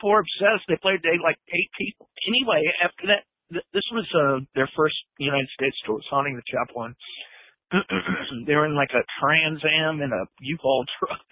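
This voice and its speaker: A man telling a lively story as a guest musician, laughing and swearing as he acts out what others said, on a phone line. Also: on the high side, moderate pace, dry recording. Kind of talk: animated storytelling.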